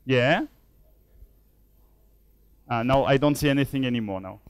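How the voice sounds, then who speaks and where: A man from Switzerland talks slowly through a live coding demo at a conference. He thinks aloud as he types and pokes fun at himself. The sound is close and dry, with almost no room echo. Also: medium pitch, clean tone. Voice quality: measured, self-deprecating. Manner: thinks aloud while typing code. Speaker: conference speaker. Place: conference hall.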